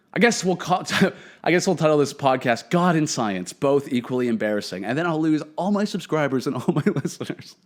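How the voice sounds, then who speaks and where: Swearing, higher-voiced male podcast host. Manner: profane, opinionated ranting. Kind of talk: comedic solo podcast monologue.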